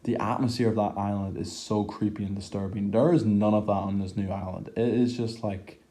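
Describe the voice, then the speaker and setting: A man's voice: lowish voice, steady tone, brisk, warm tone. A young man giving an exasperated, profane film review rant, full of filler words and groans of disgust. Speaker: movie reviewer.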